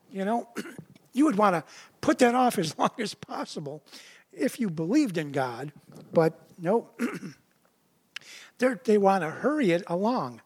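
A man's voice: high voice, sing-song, slow, husky. A man who is a pastor, giving a conversational sermon, often checking in with "right?" and "you know", and acting out quoted voices with sudden rises.

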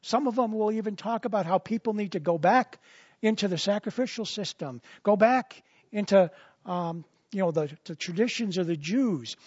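A man's voice: high voice, moderate pace, a little mellow, no echo, lo-fi sound. A man preaching a sermon as a pastor, in a conversational style full of repetitions and asides.

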